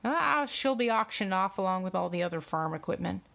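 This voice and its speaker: A woman's voice: medium pitch, expressive, a little fast, vocal fry, a bit bright. A woman voicing a dismissive male official in a suit who speaks curtly and scoffs. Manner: curt, scoffing.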